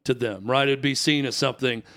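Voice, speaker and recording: A man's voice: medium pitch, steady tone, brisk, fairly bright tone. A man co-hosting a sports talk show, musing in a casual, conversational way. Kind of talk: casual chat.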